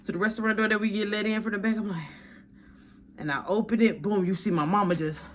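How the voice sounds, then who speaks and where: A young man telling a story in casual slang, animated as he acts out what people said to him. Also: high-pitched, fast, slight background noise. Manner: animated retelling, acting out others' quotes in slang.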